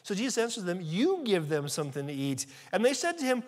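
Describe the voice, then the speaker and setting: A man's voice: sits high, huge pitch swings, fairly quick, hardly any pauses. A man preaching a sermon as pastor, earnest and emphatic, asking his listeners rhetorical questions.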